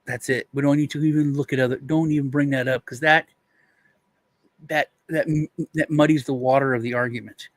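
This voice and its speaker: A man's voice: mid-range voice, steady tone, brisk, no echo. A male co-host rambling through a casual chat, retelling stories with restarts and quoted voices.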